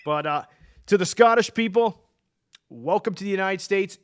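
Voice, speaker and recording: A man co-hosting a relaxed sports talk show, his voice sitting a little high for a man. He talks with eager enthusiasm, laughs easily and often stops to restart his sentences. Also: normal speed, smooth. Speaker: sports podcast co-host. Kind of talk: casual sports chat.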